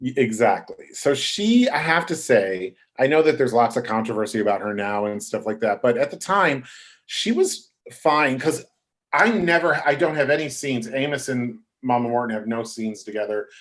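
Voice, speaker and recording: A man, a guest on a podcast, telling casual, animated anecdotes and quoting other people. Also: mid-range voice, normal speed. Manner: chatty, animated anecdotes with quoted voices.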